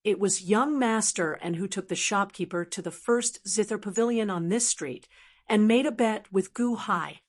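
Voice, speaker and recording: A woman's voice: mid-range voice, normal speed, natural voice. A woman voicing a frightened male servant who pleads bitterly, in an audiobook. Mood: pleading.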